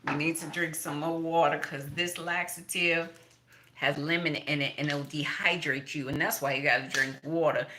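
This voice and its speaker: A middle-aged woman rambles through a casual monologue, blunt and profane, breaking into laughing asides. Her voice sits low in pitch yet sounds bright and sharp. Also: steady tone, normal speed, slight background noise. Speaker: tarot reader.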